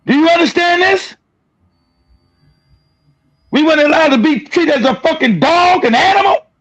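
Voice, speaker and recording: A man's voice: very high voice, expressive, normal speed, a bit bright, rough recording. A man hosting a livestream, delivering an angry, profane, aggressive rant. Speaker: livestream host. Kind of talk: angry ranting monologue.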